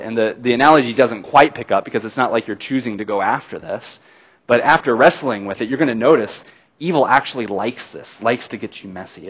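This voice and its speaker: A middle-aged man preaching a sermon in a conversational, folksy way, with easy laughs between points. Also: on the low side. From not from Alabama. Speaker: pastor.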